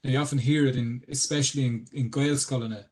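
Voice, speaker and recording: A man's voice: mid-range voice, steady tone, quick pace, darkish tone, slight background noise. A man with an Irish accent explaining dictionary work on a video call, hesitant and full of ums and restarts. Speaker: dictionary editor giving a webinar talk. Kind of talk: explanatory talk.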